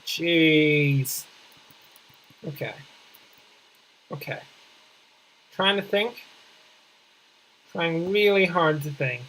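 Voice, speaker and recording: A man's voice: high-pitched, lively intonation, slow pace, long pauses, fairly bright tone, low-quality recording. A man giving casual let's-play commentary while building a city, chatty and wry, mocking himself and thinking aloud as he plays. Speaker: gameplay commentator.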